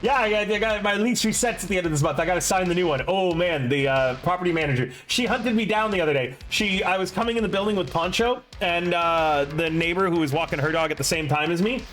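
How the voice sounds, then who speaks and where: A man's voice: sits high, quick pace, hardly any pauses, a bit bright. A young man streaming, chatting casually and rambling with self-deprecating asides before running a tabletop game.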